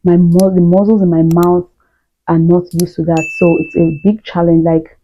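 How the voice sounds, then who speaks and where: Woman, Nigerian accent, young adult, candid casual vlog talk, slightly low voice, muffled recording. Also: level tone, moderate pace, dark tone, a little hiss or hum. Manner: candid, chatty, many fillers and restarts. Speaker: vlogger. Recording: dull lo-fi sound.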